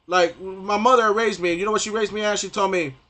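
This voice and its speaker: A man's voice: high-pitched, fairly even intonation, fast talker, sharp tone. A young man ranting on a gaming stream, profane and rambling, stumbling over restarts and repeating himself.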